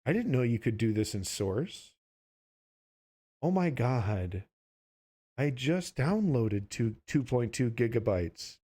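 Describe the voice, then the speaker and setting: A drowsy man talks his way through a game stream at a slow, unhurried pace. His commentary is loose, goofy and full of swearing as he rambles from one thing to the next. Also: medium pitch, very animated, mellow. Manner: goofy, profane, rambling banter. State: sleepy. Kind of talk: casual gameplay commentary.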